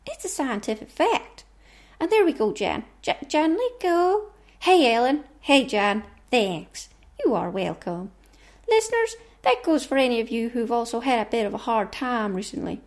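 A woman's voice: fairly high pitch, big pitch swings, normal speed. A woman voicing two chatty female toy dolls, putting on an American accent and trading cheery, sing-song lines. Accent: put-on American. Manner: sing-song, exaggerated, cheery back-and-forth.

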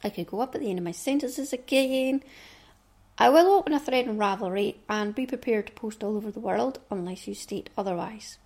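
On her knitting podcast, a middle-aged woman with a Scottish accent rambles in casual chat, slipping in small asides under her breath. Her voice is on the high side and a little mellow, and she talks a little fast.

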